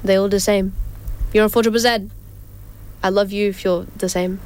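A young woman hosts a casual community radio show from the studio, chatting and rambling, giggling often and filling gaps with ums. Her voice is mid-range and steady, somewhat dark in tone, at a normal speed.

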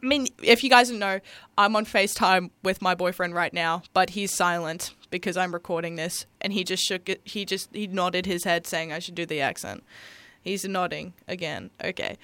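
Young aussie girl hosting local radio, super rambly n giggly, smooth clear voice, dry close sound. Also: lowish voice, normal speed, a bit bright, dry recording. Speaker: community radio host. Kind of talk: casual radio chat.

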